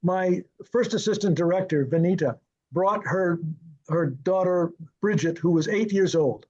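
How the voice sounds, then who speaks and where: An older man, a film director, telling anecdotes in an interview, lively and chuckling as he acts out what others said. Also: sits high, a little slow, muffled recording. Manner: lively, acts out quoted dialogue, chuckles often.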